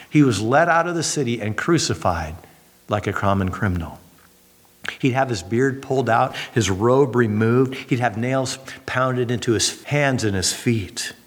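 A man preaching a sermon dramatically, swinging from high, strong emphasis down to low, quiet lines. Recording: long reverb of a large hall.

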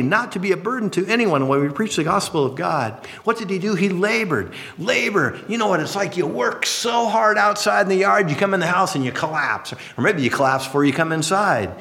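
A man preaching a sermon as pastor, telling stories with lively acted-out voices. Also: high-pitched, brisk, few pauses. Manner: animated storytelling, acting out voices. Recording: long hall reverb.

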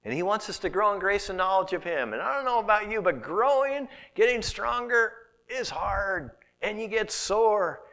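Animated pastor, lively swooping voice. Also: male voice, medium pitch. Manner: animated storytelling, acting out voices, dropping to a hushed whisper. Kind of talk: sermon.

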